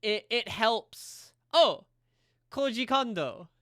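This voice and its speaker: A man hosting his live stream in casual chat, agreeable and quick to laugh at himself. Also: very high voice, lively intonation, bright, forceful tone, no echo, studio quality. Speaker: streamer host.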